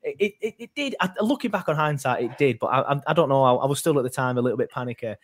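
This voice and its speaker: A man's voice: mid-range voice, expressive, rapid-fire. A man hosting a casual football fan podcast, rambling with many fillers and restarts. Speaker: podcast host.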